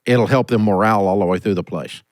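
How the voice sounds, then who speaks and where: A man's voice: on the low side, quick pace, no room sound, clean studio sound. Blunt middle-aged male radio host. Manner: blunt, animated storyteller. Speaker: host giving business advice. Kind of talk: call-in show advice.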